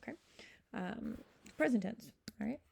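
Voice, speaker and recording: A woman's voice: fairly high pitch, expressive, measured pace, creaky, a little mellow, husky. A woman teaching a recorded French grammar lesson, patient and explaining step by step, checking in with "okay?" again and again.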